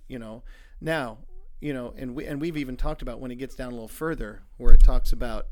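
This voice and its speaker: A man joining as a guest in a casual discussion, explaining his thoughts in a measured way. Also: mid-range voice. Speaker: guest, ministry colleague.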